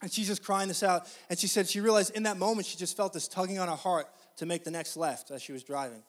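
High-voiced man preaching a lively sermon. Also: quick pace. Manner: energetic, builds to loud emphatic preaching; conversational, addresses the congregation directly. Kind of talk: sermon with storytelling.

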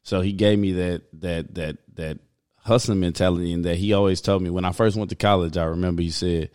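A man's voice: deep voice, steady tone, fairly quick, darkish tone, clean tone. A young adult man in casual chat, laid-back and slangy, laughing often.

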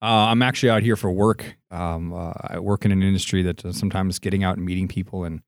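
A low-pitched man with a mid-Atlantic American accent talks as a podcast guest. He rambles in casual chat, heavy on fillers. The sound is dry and close. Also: fairly even intonation, fast, dry recording.

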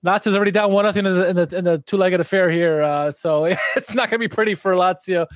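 A man's voice: sits high, fast talker, dry recording, clean studio sound. A man co-hosting a casual podcast, reading out posts and laughing often. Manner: laughs often, reads out tweets. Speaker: podcast co-host. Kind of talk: casual chat.

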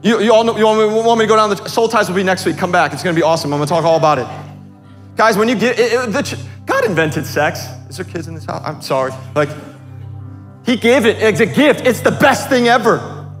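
High-voiced joking male preacher. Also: animated, fairly bright tone, faint music behind. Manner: casual, joking preaching with quick asides. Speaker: pastor. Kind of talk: sermon.

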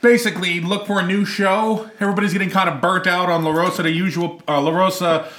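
A man's voice: sits high, steady tone, fast, a bit bright. A man in his thirties hosting a casual podcast chat, rambling with fillers and laughing often. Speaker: podcast host. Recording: echoey room.

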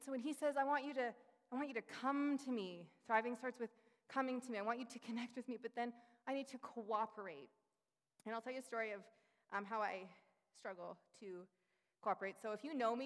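A woman in her thirties preaching a sermon, telling personal family stories and acting out the voices of the people in them. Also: on the high side. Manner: animated storytelling, acting out quoted voices. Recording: long hall reverb.

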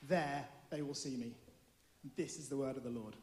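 A man giving a measured, formal Bible reading in church. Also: medium pitch, steady tone, a little mellow. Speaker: scripture reader. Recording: echoey hall, long reverb.

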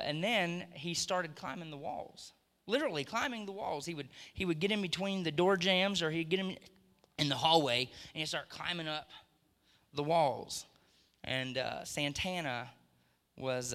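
A middle-aged man preaching a sermon in a church, telling family stories and building to excited emphasis. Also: a little high. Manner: storytelling, rising to excited emphasis. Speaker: pastor. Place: church sanctuary. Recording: long church hall reverb.

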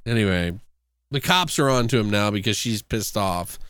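A man's voice: on the low side, lively intonation, moderate pace, fairly bright tone, clean tone, dry recording. A man casually recapping a horror movie plot on a podcast, animatedly acting out the characters' lines as he goes. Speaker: podcast co-host. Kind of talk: casual movie review chat.

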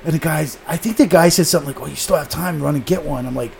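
A man's voice: a little high, fast, creaky, darkish tone, slight background noise. A man telling a long story in a casual podcast chat, swearing often and animatedly acting out what people said.

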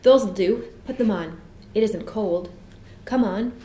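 A woman voicing a sensible older girl who talks in a brisk, practical way. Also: medium pitch, mellow, reverberant, slight background noise, close to an everyday voice.

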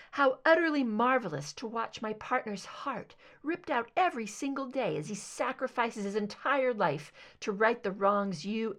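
A woman's voice: mid-range voice, fairly bright tone. A woman doing a coldly furious female agent. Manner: cool, cutting. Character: bitter female FBI agent, cold fury. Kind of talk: audiobook reading of fan fiction.

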